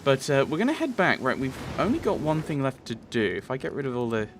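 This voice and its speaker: A man's voice: mid-range voice, sing-song, fast talker, a little hiss or hum. A man casually commentating his game playthrough, rambling with lots of restarts. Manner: rambling, chatty, many fillers and restarts. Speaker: let's play host.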